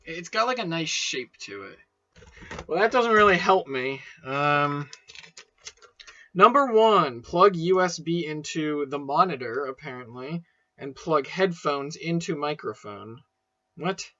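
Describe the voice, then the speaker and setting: A man's voice: on the high side, lively intonation, unhurried, sharp tone, muffled recording. A young man rambling casually and swearing as he unboxes and sets up a microphone at home. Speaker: video creator. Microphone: desk microphone being set up.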